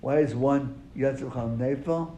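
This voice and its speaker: A man's voice: medium pitch, normal speed, warm tone. Man teaching a class in an echoey room. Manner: questions his students, then answers. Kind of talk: classroom Torah lesson. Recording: echoey room, faint noise.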